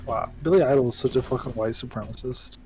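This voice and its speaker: A man's voice: medium pitch, fast talker, crowd noise. A man in casual gaming chat, tossing in teasing side comments and laughter. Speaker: let's play co-host.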